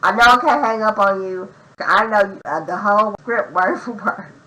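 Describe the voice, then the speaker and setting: A young adult woman telling a profane, slang-heavy story in an animated, casual storytime vlog. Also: mid-range voice, normal speed, poor audio. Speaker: vlogger.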